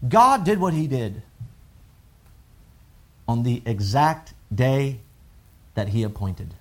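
A man preaching a sermon, emphatic and swelling to loud peaks on key points. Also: medium pitch, big pitch swings, takes it slowly, pauses often. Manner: emphatic, rising to loud peaks when quoting scripture and critics. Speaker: pastor.

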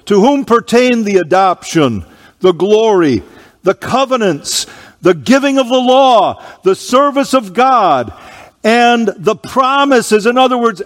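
A man preaching a sermon in a church, reading scripture aloud with slow emphatic stresses and clearing his throat from allergies. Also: high-pitched, in a large hall.

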